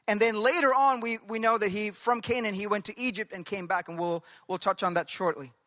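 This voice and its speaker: Bright-voiced preacher in a reverberant hall. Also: male voice, sits high, fairly even intonation. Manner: emphatic, drawn-out stresses, leads the congregation in call-and-response. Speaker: pastor. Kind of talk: sermon.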